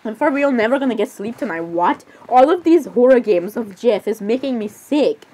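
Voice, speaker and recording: A woman running a solo role-play, switching quickly between the voices of many characters and giggling often. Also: on the high side, expressive, mellow, slightly rough.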